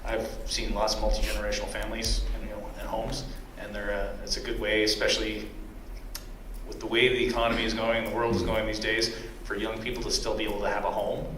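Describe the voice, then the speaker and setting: A hoarse man chairing a town council meeting, talking quickly with frequent fillers and restarts. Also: on the low side, completely flat delivery, a bit bright. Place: council chamber. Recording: echoey chamber with background noise.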